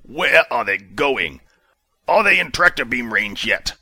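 A man's voice: mid-range voice, sing-song, measured pace, sharp tone, slightly rough, no room sound, pitched above the performer's own voice, exaggerated voice. A man voicing a harsh, impatient male sheriff who gives clipped, domineering commands. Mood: commanding.

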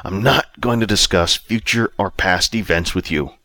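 A man's voice: deep voice, moderate pace, pushed and bright, dry recording. A man reading an audiobook, voicing an impatient older man who sighs a lot and turns out to be the narrator's future self. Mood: gruff, impatient. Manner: sighing, impatient.

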